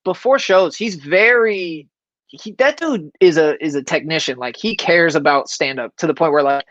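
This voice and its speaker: A man's voice: fairly high pitch, normal speed. Storytelling man on a dull lo-fi line. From Florida. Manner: lively anecdote-telling, acting out quoted lines. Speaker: stand-up comedian guest. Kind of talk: casual storytelling chat.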